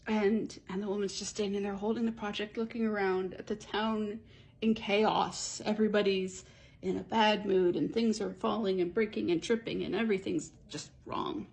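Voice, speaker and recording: A woman telling a story in a loose, chatty ramble, piling events onto each other. Her voice has a gravelly, creaky texture at a middle pitch. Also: fairly even intonation, normal speed, darkish tone. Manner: rambling, chatty, many "and so" run-ons. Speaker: storyteller pitching a movie idea. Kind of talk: casual storytelling.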